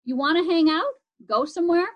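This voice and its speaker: A woman voicing a slangy, excitable red-headed boy from a storybook who loves his scooter. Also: extremely high pitch, fairly quick, voice pushed up. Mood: excited. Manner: slangy and excitable, says "radical".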